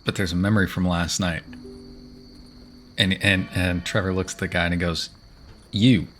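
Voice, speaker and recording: A man describes his character's actions at a tabletop game, rambling and swearing freely. His voice is low but bright. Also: level tone, moderate pace, faint music behind. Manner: rambling, swears casually, many restarts. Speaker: player. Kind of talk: casual tabletop play.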